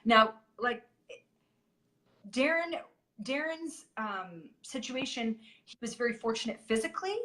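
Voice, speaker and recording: A woman speaks in a bright, slightly high voice, telling a difficult personal story as an interview guest. She talks candidly, stopping and restarting her sentences often. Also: expressive. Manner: halting, many restarts and fillers.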